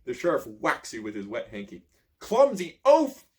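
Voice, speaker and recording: A man reading a choose-your-own-adventure book aloud, with lively storytelling and casual asides. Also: lowish voice, fairly quick. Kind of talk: expressive read-aloud narration.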